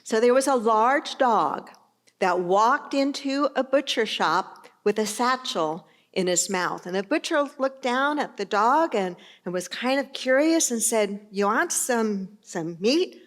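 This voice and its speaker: A woman's voice: a little high, expressive, unhurried. Conversational woman pastor telling stories. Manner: conversational storytelling. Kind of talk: sermon.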